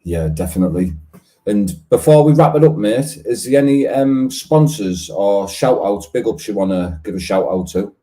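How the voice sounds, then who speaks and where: A man hosts a casual podcast interview. His voice is low and mellow, and his manner is friendly and matey, with lots of banter. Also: expressive, normal speed. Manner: friendly banter, calls people mate, laughs often. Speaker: podcast host.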